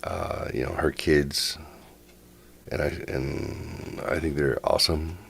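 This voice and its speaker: Very deep-voiced man, animated host. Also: gravelly, breathy edge. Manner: animated, halting, quotes others in lively bursts. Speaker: podcast host. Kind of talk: casual interview chat.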